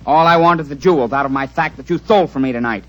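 A man's voice: medium pitch, fast talker, lightly acted. An actor playing a lisping male crook disguised as a carol singer, with a muffled voice as if he has a cold, in 1940s radio acting style. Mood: menacing. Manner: smooth politeness turning to quiet menace.

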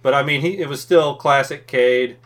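A man's voice: mid-range voice, normal speed, fairly bright tone. A man co-hosting a casual gaming chat, cursing and joking while he acts out his reactions. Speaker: podcast co-host.

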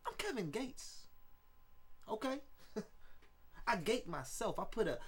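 Guy doing a crude boastful rapper voice, pitched up a bit, cocky, lots of "you know what i'm saying". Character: brash, crude-talking male rapper, boastful and swaggering. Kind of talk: comedic celebrity impression.

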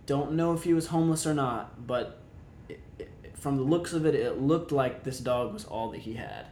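A young man casually telling a story, rambling along with lots of fillers. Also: moderate pace. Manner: rambling, many fillers, animated retelling. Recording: echoey room, faint rumble.

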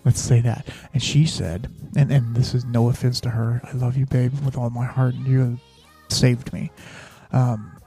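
A man's voice: medium pitch, flat delivery, moderate pace, mellow, soft background music. A man hosting a podcast, telling a personal story in a rambling, casual way, full of fillers and restarts. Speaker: podcast host.

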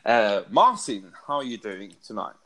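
A man's voice: fairly low pitch, very animated, moderate pace, sharp tone, a little hiss or hum. A man hosting a podcast in English, which is not his first language, laughing often and keeping a friendly tone. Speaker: podcast host. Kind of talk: casual chat.

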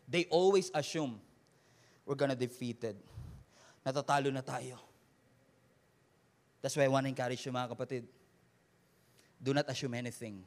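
A man with a Filipino accent preaching a Taglish sermon as pastor, swinging from shouted emphasis to hushed, quiet lines. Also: medium pitch.

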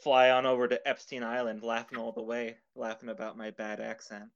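A man's voice: medium pitch, completely flat delivery, fairly quick, gravelly. A man co-hosting a podcast in casual chat, joking at his own expense and laughing often. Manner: self-mocking, laughs often. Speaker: podcast co-host. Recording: dull lo-fi recording.

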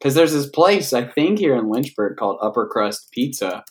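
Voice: mid-range voice, moderate pace. A co-host in casual chat who speaks hesitantly and giggles often. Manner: hesitant, giggly, lively intonation.

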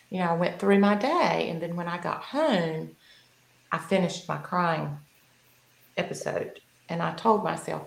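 Low, gravelly woman telling a story. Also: fairly bright tone. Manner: storytelling, with restarts and self-corrections. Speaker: podcast co-host. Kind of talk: casual podcast chat. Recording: echoey room.

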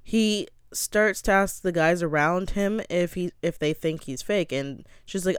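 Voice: medium pitch, unhurried, hardly any pauses, clean tone, dry recording, clean studio sound. A young adult giving a casual, opinionated recap of a reality show, talking bluntly and swearing freely.

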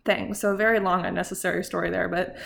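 A woman's voice: fairly low pitch, steady tone, fast, vocal fry, a bit bright. A young adult woman hosting a podcast, telling a story in a rambling, chatty way full of filler words. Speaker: podcast host. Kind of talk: casual chat.

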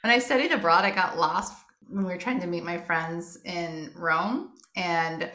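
Female podcast co-host, relaxed chatty storyteller. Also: lowish voice, measured pace, echoey room. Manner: chatty, storytelling, laughs often. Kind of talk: casual chat.

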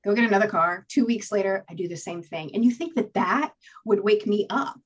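A woman guest telling her own recovery story in an interview, candid and animated, swearing freely and acting out what she told herself. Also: mid-range voice, brisk, slightly rough, dull audio. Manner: candid, animated storytelling with profanity and acted-out inner voices. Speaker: podcast guest.

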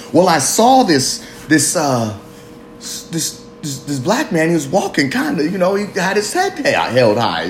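A man in his thirties talks through a raw solo confession, rambling, cursing freely and laughing at himself. His pitch swings widely as he goes. The voice rings in a roomy, echoey space over a faint low rumble. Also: big pitch swings, normal speed. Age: 30s. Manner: rambling, profane, self-mocking, laughs often. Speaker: podcast host. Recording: roomy echo.

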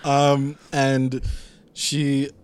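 A man's voice: mid-range voice, completely flat delivery, extremely slow, smooth. A young man in casual chat, recapping a TV episode, laughing often and acting out quoted lines. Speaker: podcast co-host recapping a TV episode.

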